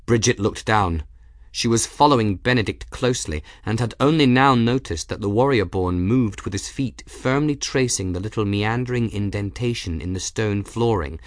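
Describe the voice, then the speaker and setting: Male audiobook narrator, low register, even measured delivery, dry booth. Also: no room sound. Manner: steady measured reading, voicing characters in quotes. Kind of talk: scripted narration.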